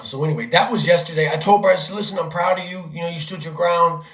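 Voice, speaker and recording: A man, a father, telling a family story in a casual vlog, animated and profane, acting out what people said. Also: on the high side, fast, echoey room. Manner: animated, profane, acts out quotes. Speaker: vlogger, father.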